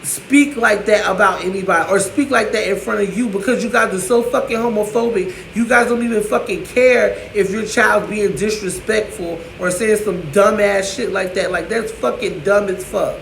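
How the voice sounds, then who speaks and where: A man's voice: high voice, moderate pace, vocal fry, few pauses, fairly bright tone, slight background noise. A man ranting to camera in a profane, sassy, scolding way, in an echoey room. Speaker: vlogger.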